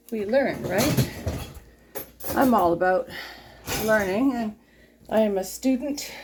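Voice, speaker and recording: Middle-aged lady rambling and giggling while cleaning her kitchen, slow and a bit high, dishes clattering. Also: background noise. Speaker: vlogger. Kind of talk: casual chat while cleaning. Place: home kitchen. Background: clattering dishes and cutlery.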